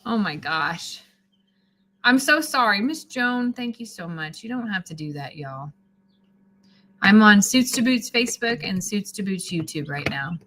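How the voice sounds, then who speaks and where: A woman's voice: mid-range voice, animated, a little slow, a bit bright. A woman chatting casually on a live stream, sleepy and rambling as she thanks viewers. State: sleepy, yawning. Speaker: homesteading livestreamer.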